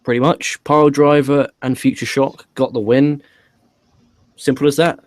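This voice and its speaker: A man's voice: mid-range voice, fairly even intonation, normal speed, darkish tone, dry recording. A man co-hosting a podcast, recapping a wrestling show in a dry, matter-of-fact way. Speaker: podcast co-host.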